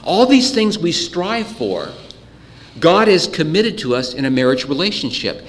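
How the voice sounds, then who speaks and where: A man preaching a sermon earnestly, clearing his throat often, his voice a little choked up. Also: a little high, very animated, measured pace, in a large hall. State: voice getting choked up. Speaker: pastor.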